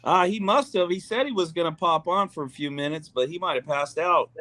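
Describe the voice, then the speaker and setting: Easygoing, somewhat high-voiced man, casual friendly chat. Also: brisk, sharp tone.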